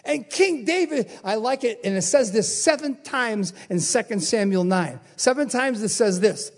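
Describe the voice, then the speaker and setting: A man preaching a sermon, firing off rhetorical questions and swinging between loud exclamations and quiet asides. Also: sits high, animated. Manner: rapid-fire rhetorical questions.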